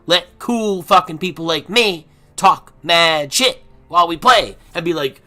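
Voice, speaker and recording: A man ranting as a poker streamer, profane and combative. His voice runs a touch high and has a bright, forceful edge. He drops to grumbles and then bursts into shouts, with faint music behind him. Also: animated, normal speed. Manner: profane, ranting, swings between mutters and shouting. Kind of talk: unscripted rant while playing online poker.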